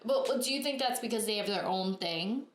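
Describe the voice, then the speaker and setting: A woman's voice: mid-range voice, expressive, fairly quick. Young woman chatting in an echoey room. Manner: supportive, advice-giving, frequent "right". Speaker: podcast co-host. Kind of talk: casual chat.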